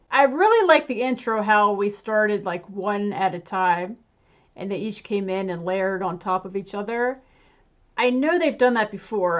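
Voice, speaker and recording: A woman's voice: mid-range voice, dull audio. Chatty woman reacting to music. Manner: chatty, self-deprecating, giggly. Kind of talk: casual reaction chat.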